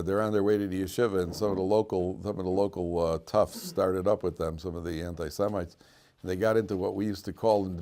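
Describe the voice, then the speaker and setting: A man's voice: sits low, a little mellow. A man teaching a class as a rabbi, repeating his key lines for emphasis and telling stories. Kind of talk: classroom lecture. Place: classroom with students.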